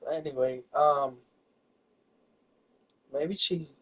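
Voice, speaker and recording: A man's voice: on the high side, fairly even intonation, extremely slow, a bit bright, slightly rough. A man telling a personal story in casual chat, rambling and hesitant, full of fillers and restarts. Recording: distant, dull lo-fi recording.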